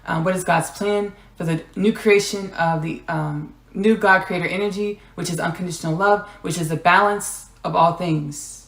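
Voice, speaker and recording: Woman host, low gravelly voice, channeling monologue with repeated lines and drifts into whispers. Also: fairly even intonation, moderate pace, few pauses, roomy sound. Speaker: podcast host.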